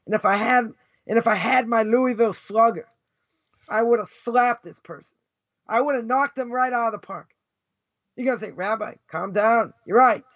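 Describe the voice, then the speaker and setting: A man teaching a lesson as a rabbi, passionate, loud and sarcastic, mocking others in quick put-on voices. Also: very high-pitched, dry recording. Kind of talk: fiery lesson. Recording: dull, dry close recording.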